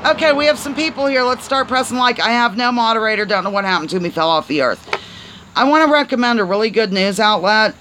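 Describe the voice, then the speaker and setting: A chatty woman hosting a casual live stream, with a playful, rambling way of talking and a bright, sharp tone. She reads aloud in fits and starts and cheerfully trips over words as she goes. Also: medium pitch, expressive, fast, slight background noise, rough recording. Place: on a porch, outdoors.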